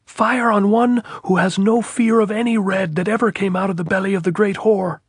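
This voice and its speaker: A man's voice: mid-range voice, huge pitch swings, unhurried, darkish tone, slightly rough, no room sound, studio quality, voice pushed up, heavily acted. A man voicing a hot-tempered army captain who rants and bellows furiously, in an audiobook. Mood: raging, shouting.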